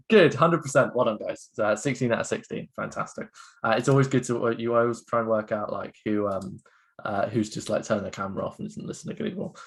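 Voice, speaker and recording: A man's voice: on the low side, lively intonation, fairly quick, gravelly. A man giving an interactive online talk as a guest speaker, chatty and upbeat with many fillers, heard over a video call. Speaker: guest speaker, education co-founder.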